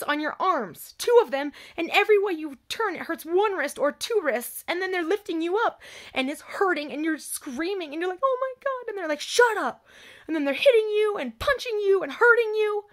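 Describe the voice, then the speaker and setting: Distressed high-voiced young woman. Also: fairly bright tone. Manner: distressed, emphatic, swings between raised and low voice. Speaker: vlogger. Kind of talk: personal monologue to camera.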